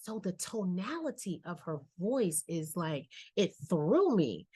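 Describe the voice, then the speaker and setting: A woman's voice: on the low side, sing-song, takes it slowly, mellow, husky, no room sound. A woman giving a casual tarot reading, musing aloud and chatting to her viewers with slangy asides. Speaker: tarot reader.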